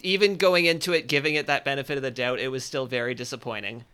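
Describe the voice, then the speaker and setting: A man chatting casually as a podcast co-host about a movie, earnest and animated. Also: mid-range voice, fast, clean tone. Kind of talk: casual movie review chat.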